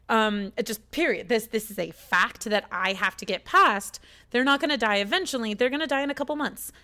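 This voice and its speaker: A woman's voice: a little high, fairly bright tone. A woman from the United States talking in a casual, rambling chat, swearing a lot and getting emotional as she tells her story.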